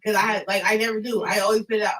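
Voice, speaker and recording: A young man from California with a Californian accent, telling stories in a casual chat. He is animated, swears a lot and gets shouty when riled up. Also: high voice, very fast, far from the mic, low-quality recording.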